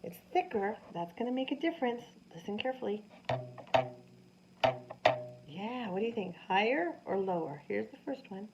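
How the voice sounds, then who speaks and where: A woman teaching a science lesson to children, animated and sing-song, often asking them questions. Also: mid-range voice, moderate pace, long pauses, over loud music. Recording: dull lo-fi sound with faint noise.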